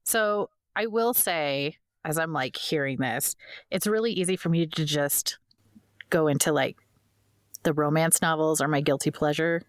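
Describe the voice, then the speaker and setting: An American woman co-hosting a podcast, relaxed and chatty. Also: low-pitched, a little slow, dry recording, clean studio sound. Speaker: podcast co-host. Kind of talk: casual chat.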